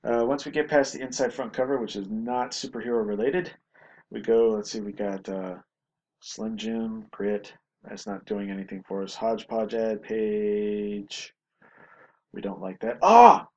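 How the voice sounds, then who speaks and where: A man's voice: fairly low pitch, flat delivery, measured pace, dark tone, muffled recording. A man hosting a podcast, giving casual, rambling commentary with self-deprecating asides. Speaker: podcast host reviewing comics.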